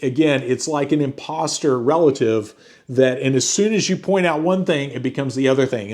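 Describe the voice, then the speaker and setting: Laid-back man chatting to his viewers. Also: medium pitch. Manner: relaxed, rambling, conversational with slang like "dude". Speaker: book review channel host. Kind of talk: casual talking-to-camera vlog. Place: at home with a chiming antique clock.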